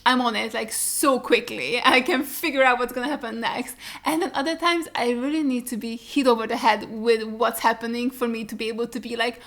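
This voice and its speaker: A woman's voice: on the high side, fairly quick. A young woman hosting a reaction video, chatting casually and animatedly, swearing freely. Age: young adult. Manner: animated, swearing freely, mocking voices in quotes. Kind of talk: casual chat.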